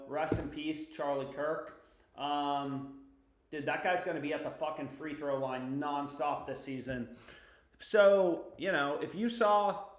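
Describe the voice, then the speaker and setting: A young man hosting a casual sports betting livestream from home, excitable and quick to swear as he talks to himself and his viewers. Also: a little high, echoey room.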